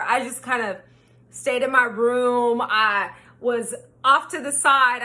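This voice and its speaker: A woman vlogger with a slightly high voice tells a storytime in casual chat. She's animated, swears freely, and acts out her own quotes.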